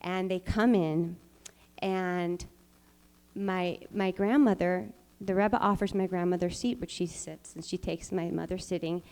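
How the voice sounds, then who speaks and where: A woman's voice: on the low side, fairly even intonation, a little slow, a little mellow. A woman speaking at an evening event, telling a personal family story, with ums and restarts.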